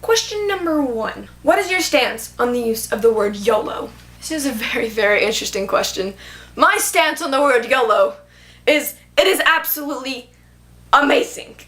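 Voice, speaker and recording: Bright, high-voiced teenage girl. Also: normal speed. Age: teens. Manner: animated, gushing, uses lots of "like". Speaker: booktube vlogger. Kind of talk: casual chatty book tag vlog.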